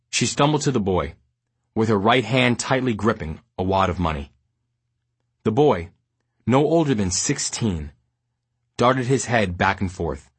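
A man from New York reading his memoir aloud as an audiobook, in a measured, steady storytelling manner. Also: on the low side, slightly rough, no echo. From New York, United States. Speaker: memoir narrator.

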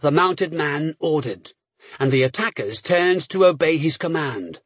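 A man's voice: a little high, expressive, a little slow, fairly bright tone, husky, no room sound. A man reading a story aloud as an audiobook narrator with a dramatic, varied delivery.

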